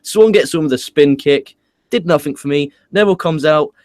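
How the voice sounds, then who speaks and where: A man's voice: a little high, moderate pace, no room sound, clean studio sound. A man with an English accent hosting a casual wrestling review, ranting and swearing as he talks. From England. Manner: profane, animated ranting. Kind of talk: casual podcast chat.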